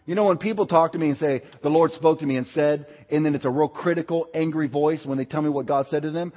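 A man preaching a sermon with a fairly high, husky voice. He talks in a lively, conversational way, swinging between loud and soft. The sound is dull and muffled, and it rings with long reverb from a large hall. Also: fast. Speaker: pastor.

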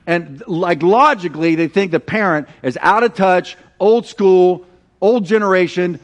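A middle-aged man preaching a sermon, telling stories with animated, acted-out quotes. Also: high voice, unhurried. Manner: animated storytelling, acting out quoted voices. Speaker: pastor.

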